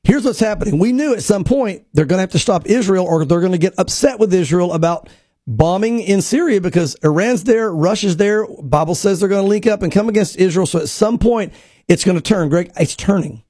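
A man, a pastor co-hosting a talk show, talks in animated bursts and acts out quotes. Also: high voice, a little fast, husky, no room sound, studio quality. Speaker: pastor and co-host. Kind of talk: casual prophecy talk show.

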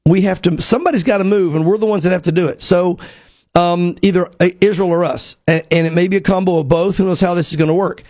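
High-voiced man giving earnest commentary. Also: steady tone, fast, a little mellow, no room sound. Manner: earnest, speculative, explains point by point. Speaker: guest commentator. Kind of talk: conversational news commentary.

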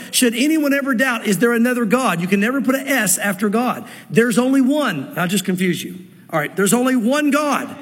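A man preaching a sermon to a church audience. He reads scripture slowly and then explains it in quick asides. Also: high-pitched, breathy edge, in a large hall. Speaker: pastor.

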